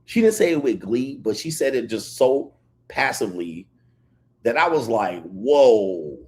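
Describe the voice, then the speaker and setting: A man hosting a casual livestream, reading chat comments and telling stories in an animated way. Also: mid-range voice, normal speed. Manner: animated storytelling, reads chat comments aloud. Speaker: livestream host.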